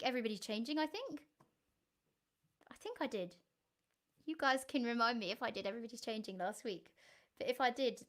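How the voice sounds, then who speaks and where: A woman's voice: on the high side, fairly bright tone. A woman, a singer-songwriter chatting casually to viewers on her live stream, giggly and easily sidetracked.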